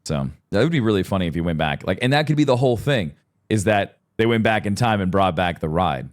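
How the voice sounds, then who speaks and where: Guy cohosting a podcast, lowish voice that swings all over, animated storyteller. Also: quick pace. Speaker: podcast co-host. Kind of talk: casual podcast chat.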